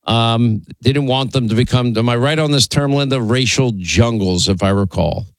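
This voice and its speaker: A man's voice: mid-range voice, moderate pace, no room sound. A man hosting a talk radio show, chatting casually with fillers and asides. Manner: conversational, musing, frequent fillers. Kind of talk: casual radio banter and call-taking. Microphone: studio microphone.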